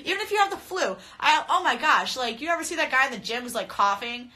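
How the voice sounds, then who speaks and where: A woman's voice: high-pitched, expressive, fast, pushed and bright. A young adult woman fighter chatting casually on a phone live stream, blunt and profane, often laughing as she talks straight to her viewers. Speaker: mixed martial arts fighter. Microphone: phone camera.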